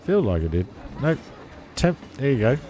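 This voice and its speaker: A man's voice: mid-range voice, sing-song, moderate pace, dark tone, some chatter behind, slight background noise. A man chatting casually on a live stream, laughing often and answering chat. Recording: faint music behind.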